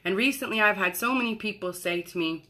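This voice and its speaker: A woman's voice: mid-range voice, quick pace, bright, forceful tone. A woman in her forties hosting a casual chat, talking in a chatty, rambling way and interrupting herself. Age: 40s. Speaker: host.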